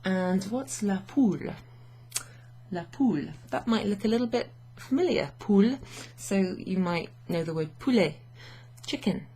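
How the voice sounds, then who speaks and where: A woman's voice: mid-range voice, lively intonation, a little slow, mellow, slightly rough. A young woman teaching French in a casual, chatty way, mixing English with French and laughing often, recorded at her home desk. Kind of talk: casual language lesson. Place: home office with a standing desk.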